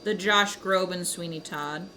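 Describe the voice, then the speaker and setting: A woman hosting a casual livestream from home, chatting with viewers in a giggly, animated way with casual swearing. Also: fairly low pitch, unhurried, a little hiss or hum. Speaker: livestream host.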